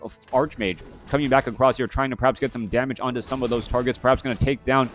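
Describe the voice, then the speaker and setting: A man calling a strategy game match as play-by-play commentator. His voice sits at an ordinary middle pitch, and he talks in a steady, measured way with the odd filler. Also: faint music behind.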